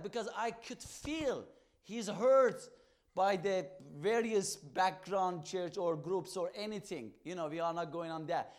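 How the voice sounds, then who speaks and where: Guy with a pretty high voice telling his testimony, acts out the back and forth, broken-ish english, gets loud in spots. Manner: emphatic, acts out both sides of dialogues; halting non-native English phrasing. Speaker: evangelist. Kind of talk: testimony storytelling.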